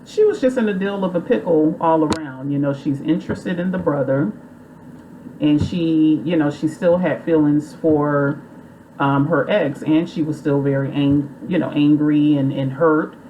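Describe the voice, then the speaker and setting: A movie reviewer with a low, dark voice recaps a film's plot in a loose, rambling, chatty way full of fillers, at a measured pace. The recording is muffled, with a faint hiss beneath her voice.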